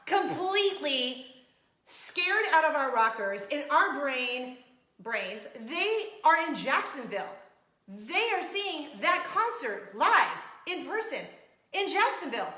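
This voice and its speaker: A middle-aged woman hosting a casual vlog, telling a story in an animated way and laughing as she acts out scenes. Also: high-pitched, moderate pace. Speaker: vlog show host. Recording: echoey room.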